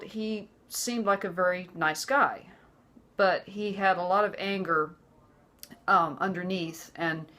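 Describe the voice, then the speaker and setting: Woman in her 40s, lowish voice, earnest and halting, keeps restarting sentences, talking to camera. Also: fairly bright tone. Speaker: vlogger. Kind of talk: personal testimony to camera.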